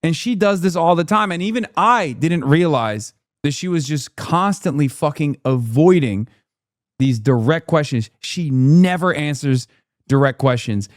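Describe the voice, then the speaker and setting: Profane, ranting male commentator, high-ish voice. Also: expressive, a little slow, no room sound, clean studio sound. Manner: blunt, profane, exasperated ranting. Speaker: political commentator. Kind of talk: live-stream reaction commentary.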